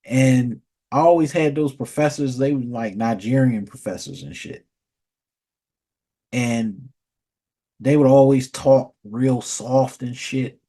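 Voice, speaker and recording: A man's voice: mid-range voice, slow, long pauses, warm tone. A man ranting casually in a vlog, rambling and profane, often restarting and repeating words. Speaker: vlogger. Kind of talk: casual storytelling rant.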